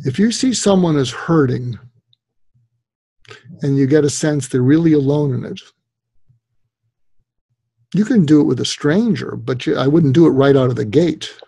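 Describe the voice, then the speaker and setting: This older man, a psychiatrist on a podcast interview, has a fairly high, creaky, husky voice and moves at a moderate pace with long pauses. No room sound is audible. He's an animated storyteller who performs the voices of those he quotes.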